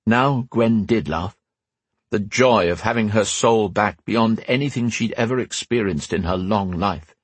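A man giving expressive scripted narration of a fantasy audiobook. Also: on the low side, unhurried, husky, no echo.

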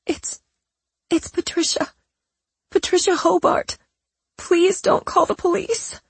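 A woman's voice: very high-pitched, expressive, moderate pace, no room sound, voice pushed up. A woman voicing a scheming young woman who fakes terror on a phone call, speaking in a shaky, quavering, pleading voice. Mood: fake panic. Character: scheming young woman faking terrified sobs.

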